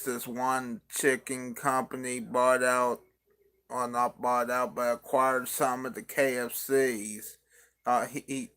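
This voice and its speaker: A man's voice: mid-range voice, a bit bright. A man hosting a show, talking in a rambling, loose way and chuckling. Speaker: host. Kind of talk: casual commentary.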